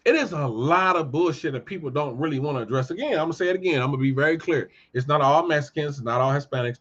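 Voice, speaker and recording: Male commentary host, high-pitched, ranting casually, swings between shouting and muttering; muffled lo-fi recording. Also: lively intonation, fast talker, hardly any pauses. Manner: heated, ranting, swings from loud outbursts to low muttering. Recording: dull lo-fi audio.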